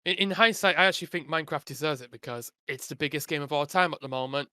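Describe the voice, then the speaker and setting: A man co-hosting a casual podcast chat, easygoing and quick to laugh, leaning on "actually" a lot. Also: a little high, bright, forceful tone, clear, resonant tone, dry recording, studio quality. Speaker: podcast co-host.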